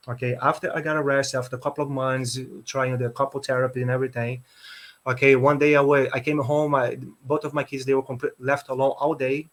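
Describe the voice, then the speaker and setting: Interview guest, male, earnest, keeps restarting, medium pitch. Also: fairly bright tone. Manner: earnest, repeats "okay" and restarts often. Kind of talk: personal story in an interview.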